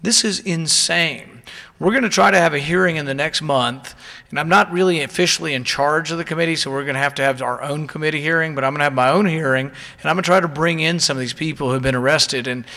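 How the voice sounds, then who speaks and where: A man's voice: fairly high pitch, quick pace, pushed and bright. A man, a politician, giving a political speech at a conference, full of indignant rhetorical questions to the audience. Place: conference hall. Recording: long reverb of a large hall.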